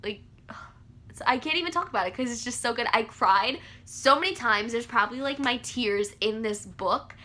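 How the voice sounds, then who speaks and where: Bright-voiced gushing young woman. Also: a little high, normal speed. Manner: gushing, excitable, lots of fillers. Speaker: book vlogger. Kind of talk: casual book review chat.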